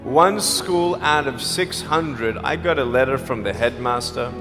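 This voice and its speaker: Male motivational speaker, emphatic, hushed to shouting, live in a school hall with faint music behind. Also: medium pitch, unhurried. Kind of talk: motivational speech to a live audience. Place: large school hall with an audience.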